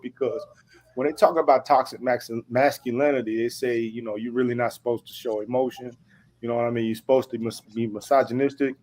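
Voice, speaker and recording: A man talking on a casual panel, thinking aloud with lots of "you know what I mean.". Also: medium pitch. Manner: conversational, many fillers, asks the others. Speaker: panel guest.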